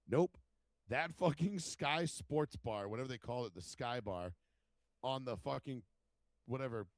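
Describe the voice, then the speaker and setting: A man casually telling profane, animated stories as a podcast co-host and acting out other people's lines. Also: medium pitch, dry recording. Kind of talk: casual chat, storytelling.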